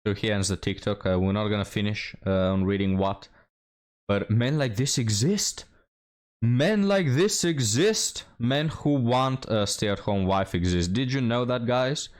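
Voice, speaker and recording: A man's voice: fairly low pitch, normal speed. A man hosting a reaction commentary, talking bluntly and mockingly with a lot of swearing. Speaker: commentary host.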